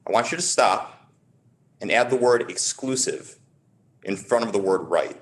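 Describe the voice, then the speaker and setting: A man arguing for the petitioner before a high court, measured and emphatic, stressing key words as he builds his case. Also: expressive. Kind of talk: formal appellate oral argument.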